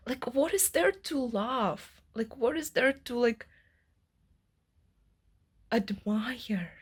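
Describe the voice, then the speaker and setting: Young woman doing a casual book vlog, kinda high and breathy, gets worked up a lot. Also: slow, pauses often. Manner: emotional, ranting about characters, frequent fillers. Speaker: book vlogger. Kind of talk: casual reading vlog monologue.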